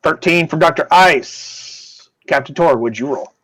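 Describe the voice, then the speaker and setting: A man's voice: a little high, measured pace, a bit bright. A man running a tabletop game as game master, narrating in a rambling way and often correcting himself.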